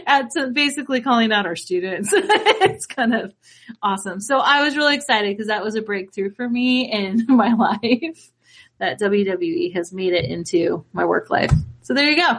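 A woman's voice: mid-range voice, moderate pace. A woman co-hosting a wrestling podcast, chatting casually and telling stories with lots of laughter. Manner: excitable, laughs often while telling stories. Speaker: podcast co-host. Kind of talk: casual chat.

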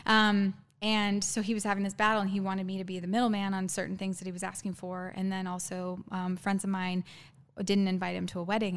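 A woman guest with a mid-range, smooth, steady voice tells a painful personal story, earnest and halting, with many fillers and restarts.

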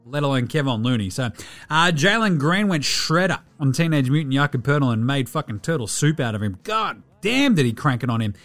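A man's voice: mid-range voice, animated, brisk, fairly bright tone, faint music behind. A man with an Australian accent hosting a casual sports podcast, with sweary, jokey, rambling banter. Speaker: podcast host.

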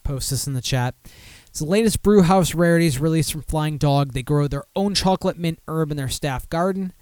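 Male podcast host, a bit high-pitched, dry close-mic sound, animated and ranty. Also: moderate pace, smooth, no echo. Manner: animated, mock-outraged outbursts and rambling self-talk. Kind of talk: casual live show chat.

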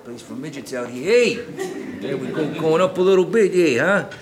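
A man's voice: a little high, lively intonation, normal speed, background noise, lightly acted. A man performing a brash, joking puppet showman who talks out of the side of his mouth in a live puppet comedy. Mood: cocky.

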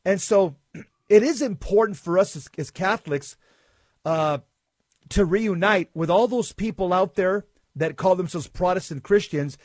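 A man with a high voice hosts an interview. He asks emphatic, leading questions and stresses his key words. The sound is dry and close. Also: measured pace, darkish tone, no room sound. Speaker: interview host. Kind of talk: conversational interview.

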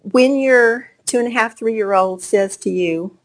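A woman's voice: fairly high pitch, unhurried. A woman presenting to homeschooling parents, explaining child brain development and telling stories that she acts out. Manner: warm storytelling with acted-out quotes. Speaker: speaker on gifted children's development.

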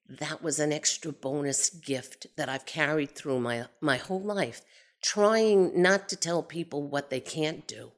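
A woman telling a personal story in an animated, expressive way, swinging from excited to hushed. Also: low-pitched. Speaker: storyteller, aviation enthusiast.

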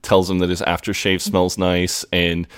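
A man with a very low voice retells scenes from a TV episode on a podcast. He speaks in a relaxed, easygoing way and often breaks into laughter. His tone stays casual throughout. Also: normal speed, smooth. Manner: relaxed storytelling, laughs easily. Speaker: podcast co-host.

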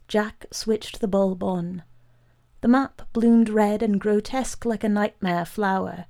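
A woman narrating a literary short story in a measured, unhurried way. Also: medium pitch, steady tone, vocal fry, mellow.

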